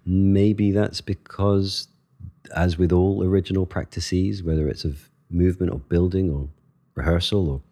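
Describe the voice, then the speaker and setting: A man with an extremely deep, husky voice talks through ideas in a relaxed interview. He is thoughtful and expressive, speeding up in bursts and then slowing to pick his words. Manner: thoughtful, expressive, quick bursts between pauses. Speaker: actor and guest. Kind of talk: conversational interview answers.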